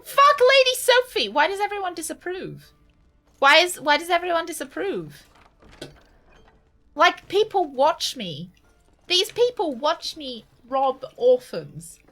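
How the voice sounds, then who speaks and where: A woman's voice: high voice, very animated, slow, long pauses, a bit bright, soft background music. A British woman streaming a game in casual chat, laughing, swearing and ranting with mock indignation. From Britain. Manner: swears freely, laughs, rants with exaggerated indignation.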